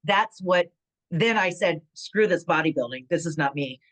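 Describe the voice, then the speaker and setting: A middle-aged woman from California telling stories in a relaxed interview, with a fairly low voice. She acts out what people said and fills her talk with "um" and "you know what I mean." Her delivery stays chatty and animated. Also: moderate pace, low-quality recording. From San Bernardino, California. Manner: animated storytelling, acts out quotes, frequent fillers. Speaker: guest, former pro wrestler. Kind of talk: casual interview chat.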